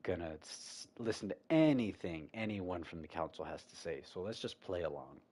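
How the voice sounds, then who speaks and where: A man's voice: low voice, expressive, moderate pace, a little mellow. A man casually reading out and commenting on a gamebook as he plays, joking and swearing freely. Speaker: gamer playing a gamebook.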